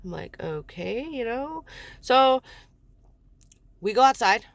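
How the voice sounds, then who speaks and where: A woman's voice: a little high, very animated, takes it slowly, creaky. A woman in her forties telling her own story in a heated, blunt way, swearing often and acting out what others said. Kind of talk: angry personal storytelling.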